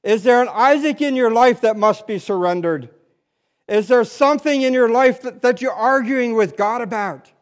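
A man preaching a sermon, swinging between loud urgent appeals and hushed low asides in a repetitive preaching cadence. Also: normal speed. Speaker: pastor.

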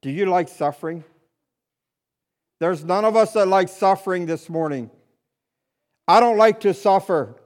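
A male pastor preaching with a high-pitched voice. He swings between loud, urgent appeals and hushed, low asides. His phrases repeat in a steady preaching cadence. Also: unhurried, pauses often. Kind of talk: sermon.

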